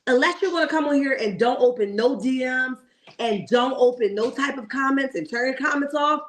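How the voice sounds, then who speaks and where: Speaking at a normal speed in a high voice, a woman hosts a relaxed reality TV commentary stream. She shares plenty of opinions, chats freely, greets viewers and keeps asking "okay?"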